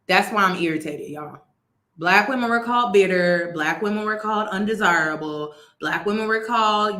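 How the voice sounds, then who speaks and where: A woman's voice: mid-range voice, normal speed, sharp tone. Emphatic woman vlogger in an echoey room. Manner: emphatic, exasperated, repeats points, slangy. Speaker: vlog host. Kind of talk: casual commentary.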